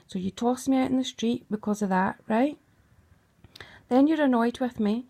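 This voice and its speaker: A middle-aged mother with a voice on the high side, a little mellow and at normal speed, recounts grievances to her daughter. It's an emotional monologue, emphatic and accusing, and she keeps asking "right?"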